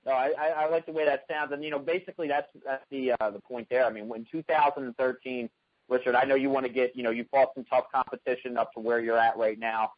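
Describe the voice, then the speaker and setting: A male radio host interviewing a guest in a chatty, halting way, with many restarts. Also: medium pitch, steady tone, no room sound. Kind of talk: casual interview. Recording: dry, dull lo-fi radio sound.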